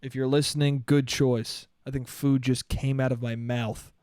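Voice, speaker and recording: A man's voice: medium pitch, flat delivery, moderate pace, darkish tone, clean tone, no echo, clean studio sound. A young man ranting on his own comedy podcast, rambling and swearing, with "dude" thrown in often. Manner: profane, rambling, says "dude" a lot. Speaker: podcast host. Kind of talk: solo comedic podcast rant.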